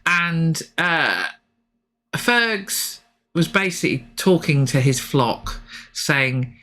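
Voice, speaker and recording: A woman co-hosts a rugby podcast in an enthusiastic, rambling chat full of "um"s and restarts. Her voice swings widely in pitch. It has a bright, forceful edge. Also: animated, drawn-out words. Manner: enthusiastic, rambling with many fillers. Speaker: podcast co-host and rugby photographer. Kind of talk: excited casual chat about rugby.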